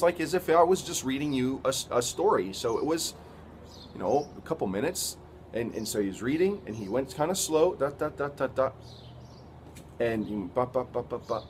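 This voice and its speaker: A man giving an earnest, halting personal testimony, retelling events with quoted dialogue. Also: medium pitch, slight background noise.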